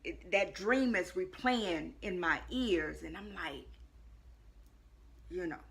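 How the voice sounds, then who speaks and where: A woman with a low, gravelly voice that still cuts through sharp and bright. She tells her personal testimony with earnest repetition and swings between hushed lines and loud ones. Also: takes it slowly, long pauses. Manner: earnest storytelling with frequent repetition. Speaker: life coach.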